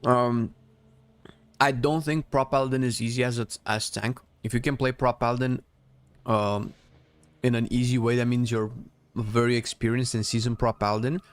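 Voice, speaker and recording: Man, game streamer, casual chat with viewers, opinionated, rambling restarts, mid pitch. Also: flat delivery, normal speed, no echo. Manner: opinionated, thinking aloud with many restarts. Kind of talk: casual live-stream commentary answering chat.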